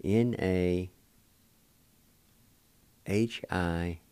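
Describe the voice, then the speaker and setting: Older male radio host, deep and dry, unhurried teacher who repeats each syllable. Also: darkish tone, clean tone, no room sound. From Cherokee Nation, Oklahoma. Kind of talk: slow spelled-out language lesson.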